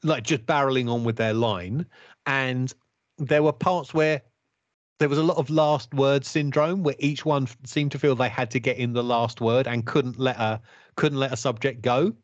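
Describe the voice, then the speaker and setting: A man co-hosting a casual review podcast, picking things apart in a wry, measured tone. His voice sits at an ordinary middle pitch. The recording is close and dry, with a slightly muffled top end. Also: fairly even intonation, dry recording. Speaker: podcast co-host. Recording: dull, dry podcast audio.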